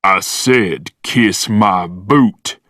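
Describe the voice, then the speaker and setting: A man's voice: sits low, sharp tone, no room sound, clean studio sound, exaggerated voice. A man voicing a large cruel man who bullies a child. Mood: menacing. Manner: menacing, slow, sneering. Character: cruel big bully man.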